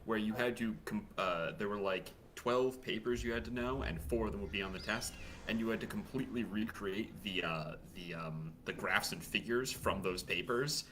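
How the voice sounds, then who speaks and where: A man from Long Island chatting casually on a game stream, halting and searching for words. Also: fairly low pitch, a bit bright, slight background noise.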